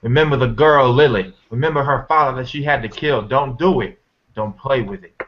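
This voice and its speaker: A man's voice: mid-range voice, brisk, natural voice. A wary companion, played by a man, presses his warnings with urgency. He sounds insistent. The audio is muffled and lo-fi.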